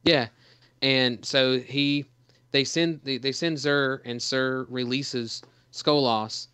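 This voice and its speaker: A man's voice: mid-range voice, fairly even intonation, slow pace, pushed and bright, clear, resonant tone, no room sound. A man co-hosting a gaming podcast, talking in a rambling casual way with lots of fillers and restarts. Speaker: podcast co-host.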